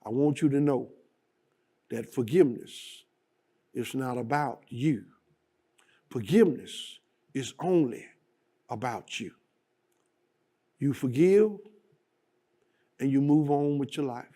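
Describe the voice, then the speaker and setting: A man speaks in a slow, measured and solemn way. His voice is dark and mellow. Each phrase is set apart, and the talk reads as a prayerful testimony. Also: medium pitch. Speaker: guest speaker.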